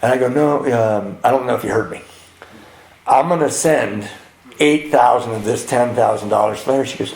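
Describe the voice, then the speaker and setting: A man sharing his twelve-step recovery story at a retreat, acting out dialogue and swinging between hushed and loud. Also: mid-range voice, animated, fairly quick, creaky. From California. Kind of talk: twelve-step share to a live audience. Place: retreat hall with audience. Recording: roomy hall with faint ambience.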